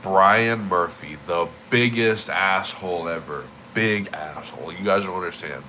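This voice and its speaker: A young man with a very low, yet bright and forceful voice rants on a livestream, swearing and repeating words for emphasis. He has just woken up and rambles loosely, with a faint hum of air conditioning behind him. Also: measured pace, poor audio. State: just woke up. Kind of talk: casual streaming rant.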